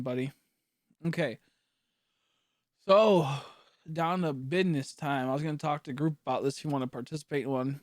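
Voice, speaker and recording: A man's voice: mid-range voice, dry recording, clean studio sound. A man in his late twenties hosting a live stream, rambling casually and crudely to his chat, often laughing. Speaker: livestream host.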